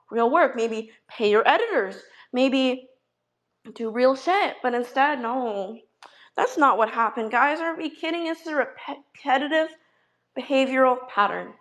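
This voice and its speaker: A woman giving a heated, profanity-laced callout rant as an online commentator, exasperated and blunt. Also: high voice.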